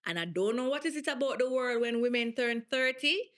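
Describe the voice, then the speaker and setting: Jamaican woman in her thirties, interview guest, bright and forceful tone, emphatic storyteller with patois turns. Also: fairly high pitch, fairly quick. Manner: animated, emphatic, slips into patois. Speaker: guest athlete.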